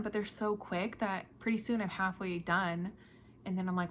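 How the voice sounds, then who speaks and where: A woman's voice: mid-range voice, fairly even intonation, normal speed, a little hiss or hum. Chatty woman hosting a craft podcast. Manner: chatty, self-deprecating, laughs often. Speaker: podcast host. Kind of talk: casual chat about knitting projects.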